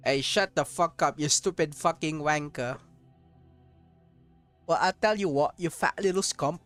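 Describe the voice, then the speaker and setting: Dude doing a cheeky swearing brit guy, bossy insults, slowish. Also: on the high side, a bit bright, faint music behind. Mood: mocking. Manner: insulting, mock-British slang.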